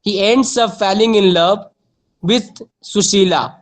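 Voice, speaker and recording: Students copying literature notes hear a woman teacher speaking in a mid-range voice, taking her time with deliberate dictation. She repeats each phrase and spells key terms out letter by letter.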